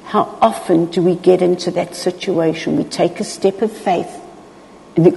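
Expressive woman preacher in a hall. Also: on the low side, normal speed, gravelly. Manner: expressive, acts out Bible voices. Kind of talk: sermon. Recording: long hall reverb.

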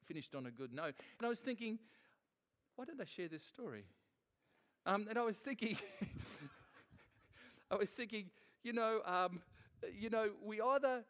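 A man delivers a sermon with a slightly higher-pitched voice. He speaks conversationally and rambles, often restarting sentences as he tells a story from his own life. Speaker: preacher.

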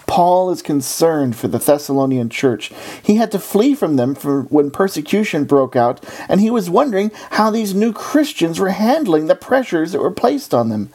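A preacher delivering a sermon in a conversational, storytelling manner. The pitch moves a lot, which keeps the delivery lively. The voice sits at a middle pitch. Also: breathy edge.

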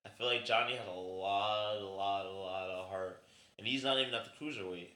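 A man's voice: on the low side, a little fast, pushed and bright, roomy sound. A man chatting casually on a podcast, rambling and swearing freely as he reacts to a wrestling match. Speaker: podcast co-host. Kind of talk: casual chat.

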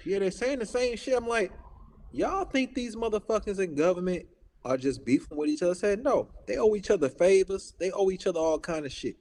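A man in his early thirties rants about politics in a casual talk show, heated, profane and emphatic, hammering each point again and again. His voice sits a little high for a man and trails off into a long reverb. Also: expressive, fairly quick, darkish tone. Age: 30s.

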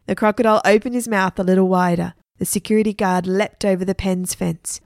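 A woman storyteller reading a children's adventure story aloud with lively expression. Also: mid-range voice, brisk, dry recording, clean studio sound.

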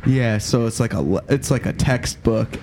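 A man's voice: medium pitch, normal speed, a little mellow. A man co-hosting a show, chatting in a playful, teasing way. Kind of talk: casual chat. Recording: noisy background.

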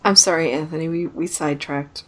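A woman's voice: low voice, a little fast, slight background noise. A woman co-hosting a casual podcast chat, teasing and laughing often. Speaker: podcast co-host.

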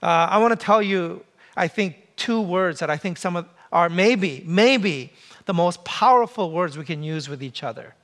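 A man's voice: high-pitched, moderate pace, a bit bright. A man in his forties giving a sermon in a conversational, humorous way, asking the listeners questions. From came to the US as a child. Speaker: pastor.

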